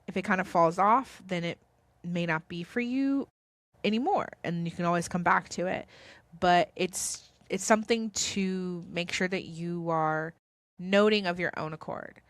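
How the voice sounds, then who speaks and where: A woman's voice: on the low side, unhurried, no room sound. A woman vlogger talking to camera about spirituality in an earnest, reassuring, rambling way. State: tearful. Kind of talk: casual spiritual talk to camera.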